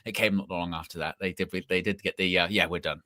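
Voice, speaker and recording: A man's voice: low voice, steady tone, fast talker, pushed and bright, no room sound, studio quality. A young man co-hosting a casual football chat, telling stories with lots of restarts. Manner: chatty storyteller, repeats and restarts. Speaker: co-host.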